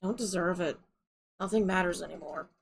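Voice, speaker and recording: A woman reading game text aloud, voicing a bullied orphan girl who speaks quietly and without hope. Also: lowish voice, moderate pace, creaky. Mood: despairing. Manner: quiet and despairing.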